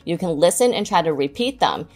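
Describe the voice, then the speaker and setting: A woman giving scripted instruction on English pronunciation, saying example words slowly and clearly to model them. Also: fairly low pitch, very animated, darkish tone.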